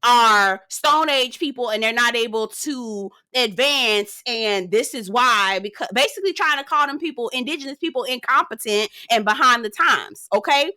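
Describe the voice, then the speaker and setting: Woman host, young adult, sassy ranting commentary, high forceful voice, dry close sound. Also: animated, normal speed, few pauses, dry recording. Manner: sassy, hollering, talks straight to viewers.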